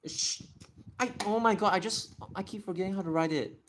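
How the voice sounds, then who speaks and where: In a high, fairly bright voice that runs a little fast, this livestream host answers questions casually while writing, thinking aloud and repeatedly correcting himself and apologizing. A little hiss or hum sits in the background.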